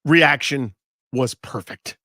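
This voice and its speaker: A man's voice: mid-range voice, takes it slowly, sharp tone, no echo, studio quality. A man co-hosting sports talk radio, ranting in a heated, mock-dramatic way.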